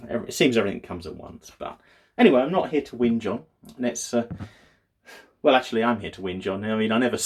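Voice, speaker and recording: A man talking in a casual daily video diary, rambling and hesitant with many fillers, sounding low and downbeat. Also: breathy edge. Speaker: vlogger.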